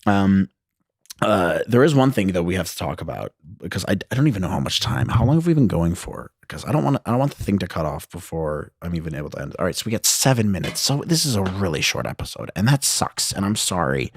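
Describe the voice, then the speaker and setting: Rambling man with a low, lively voice. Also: fast, slightly rough, no room sound, clean studio sound. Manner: rambling, self-deprecating, laughs often. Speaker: podcast host. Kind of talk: casual solo podcast storytelling. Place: his old high school bedroom.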